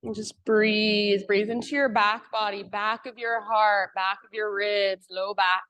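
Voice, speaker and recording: Slow, calm woman leading yoga. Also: medium pitch, dry recording. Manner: encouraging, calm cueing. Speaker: yoga teacher. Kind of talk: guiding a live yoga class.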